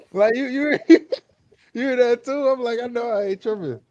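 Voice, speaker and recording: A man's voice: very high-pitched, normal speed, darkish tone, dry recording, lo-fi sound. A man on a live panel, joking around and exclaiming in casual chat.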